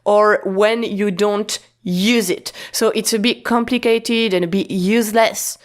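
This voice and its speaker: A woman teaching a lesson in a casual, patient way, repeating points slowly with restarts and fillers. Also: medium pitch, fairly even intonation. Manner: slow, repetitive, patient explaining with many restarts and fillers. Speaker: Japanese teacher.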